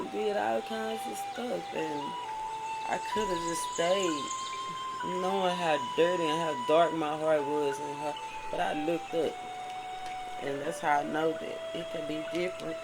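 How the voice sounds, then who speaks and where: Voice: mid-range voice, slow pace, vocal fry, long pauses, rough recording. A tarot reader giving a spiritual monologue. The reader mixes passages read aloud with heartfelt commentary and keeps asking "right?". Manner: preachy, often asks "right?". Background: music.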